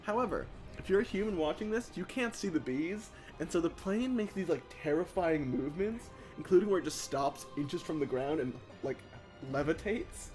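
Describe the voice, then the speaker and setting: A man's voice: fairly high pitch, lively intonation, moderate pace, darkish tone, faint music behind. A man co-hosting a comedy podcast, telling an improvised story and laughing at his own jokes.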